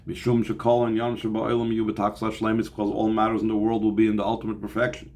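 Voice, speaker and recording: Man, lowish voice, lecturing on a sacred text, reads a phrase then translates it, explanatory, pauses and restarts. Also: completely flat delivery, darkish tone. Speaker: teacher. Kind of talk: Torah class lecture.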